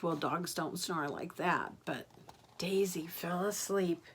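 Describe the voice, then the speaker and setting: An older woman, a grandmother, reading picture books aloud to children in a gentle, expressive way, gasping and asking them questions. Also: fairly low pitch, slow pace, a little hiss or hum. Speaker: grandmother storyteller.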